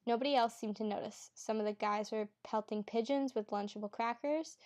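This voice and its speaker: Amateur reader, female: casual read-aloud, chatty asides, self-corrections, slightly high voice. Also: a little fast, darkish tone.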